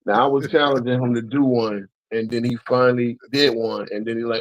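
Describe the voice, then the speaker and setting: A man hosting a casual sports watch-along, excitable and swearing as he reacts to plays. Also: mid-range voice, fairly quick, no echo, low-quality recording. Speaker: livestream host.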